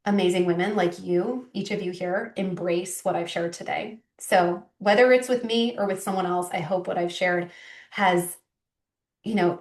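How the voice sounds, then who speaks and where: A middle-aged woman coach hosting a live online workshop, warm, effusive and grateful as she wraps up, speaking over a video call. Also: on the low side. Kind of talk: live webinar wrap-up. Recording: roomy sound, distant from the mic.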